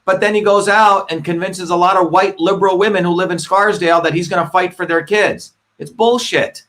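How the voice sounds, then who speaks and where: A man's voice: high voice, fairly even intonation, brisk, fairly bright tone. Emphatic, combative man hosting a livestream. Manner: emphatic, combative, repeats points, swears. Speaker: host of a live online show. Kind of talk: live-stream monologue.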